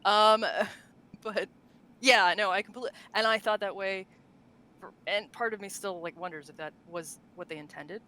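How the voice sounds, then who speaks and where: A mid-range woman with a steady, sharp tone and normal speed co-hosts a casual podcast about tabletop game lore. She's chatty and laughs often, with many fillers and restarts, on a low-quality recording with slight background noise.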